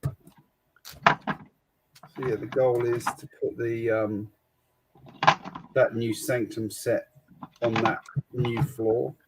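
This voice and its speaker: A man's voice: mid-range voice, level tone, slow, pauses often, heavy background noise. A man hosting a livestream, chatting casually and matter-of-factly while building, with a dry humour. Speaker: host.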